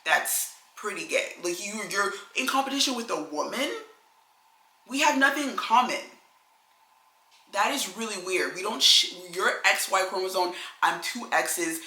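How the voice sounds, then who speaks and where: A young woman co-hosting a casual advice chat, talking bluntly and animatedly, full of "like". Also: normal speed. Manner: animated, blunt, filler-heavy with "like" and "low-key". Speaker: co-host. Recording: echoey room.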